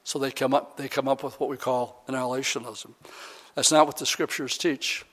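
A man preaching from the pulpit at a mid-range pitch, his voice carrying a long reverb through the hall. He reads scripture passages with swelling emphasis between stretches of plain explanation. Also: flat delivery, a little fast, fairly bright tone. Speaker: pastor. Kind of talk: sermon.

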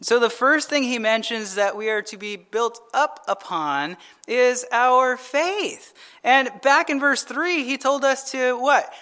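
A man's voice: very high voice, expressive, slow, sharp tone. A male pastor giving a midweek Bible-study sermon in a casual, conversational way, often asking the audience rhetorical questions and chuckling as he tells stories. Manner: chuckles while telling stories.

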